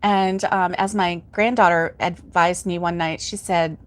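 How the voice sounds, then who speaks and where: A woman's voice: fairly low pitch, steady tone, a little slow. An older woman hosts a casual livestream, telling a story in a chatty way, laughing often and reading viewer comments aloud. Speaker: host of a crochet livestream.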